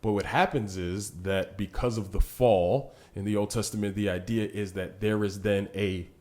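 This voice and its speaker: A man co-hosting a podcast, casually teaching through a Bible passage and often checking in with "right?", growing animated as he retells the scenes. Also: on the low side, normal speed. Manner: gets animated when retelling scripture. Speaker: podcast co-host.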